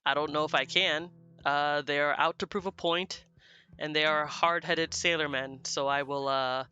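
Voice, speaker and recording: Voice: medium pitch, fairly even intonation, normal speed, sharp tone, smooth, lo-fi sound. A player in a tabletop game, talking hesitantly with many fillers. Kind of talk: in-character tabletop play.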